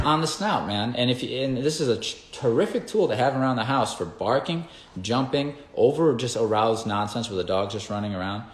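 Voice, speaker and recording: Low-voiced, emphatic man in a roomy space. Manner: emphatic, keeps checking in with "okay?" and "right?". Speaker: dog trainer. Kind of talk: casual instructional talk. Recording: echoey room.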